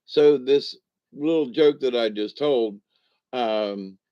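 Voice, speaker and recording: A man's voice: mid-range voice, takes it slowly, warm tone. A man, talking in a folksy, meandering monologue that wanders between topics. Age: 60s. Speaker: vlogger. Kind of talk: rambling casual monologue. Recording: dull lo-fi recording.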